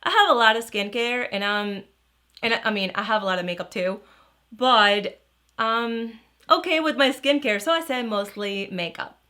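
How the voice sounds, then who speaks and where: A woman's voice: fairly high pitch, normal speed, sharp tone. A woman beauty vlogger chatting casually through a product review, rambling with restarts and lots of "you know".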